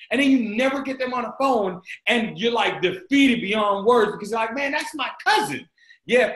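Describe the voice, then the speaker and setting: On a group video call, a man gives an energetic, repetitive motivational training talk to his team, often calling them "guys." His voice is high, and the rough recording has an echoey room sound.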